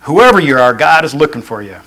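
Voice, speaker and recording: A man's voice: a little high, big pitch swings, a little fast, pushed and bright, low-quality recording. A male pastor preaching a sermon in an earnest way. He restates each point and adds folksy asides.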